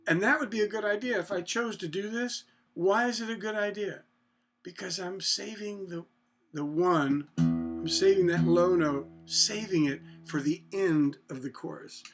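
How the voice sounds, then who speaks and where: A man teaching songwriting, talking slowly with many restarts and singing short "na na" phrases to show chords. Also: sits high. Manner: breaks into sung "na na" phrases to demonstrate chords; halting, restarts often, asks rhetorical questions. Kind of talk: songwriting lesson, playing guitar. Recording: loud guitar under the voice. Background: acoustic guitar playing.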